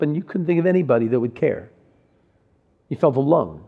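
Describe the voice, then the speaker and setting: Male pastor, earnest conversational sermon, slightly high voice, dull lo-fi recording. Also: fairly quick. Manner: earnest, conversational preaching with frequent restarts. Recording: dull lo-fi sound.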